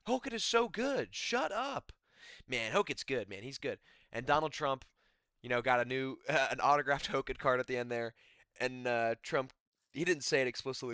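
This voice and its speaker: Young male, animated casual fight-recap voice, bright and dry, slangy rambling delivery. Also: medium pitch, a little fast, no echo. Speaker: MMA commentator.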